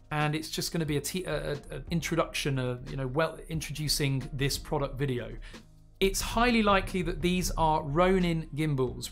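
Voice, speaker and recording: A man hosting a live stream, chatting and reading viewer comments aloud, his voice going hoarse as he clears his throat. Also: on the high side. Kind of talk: live stream chat and product talk.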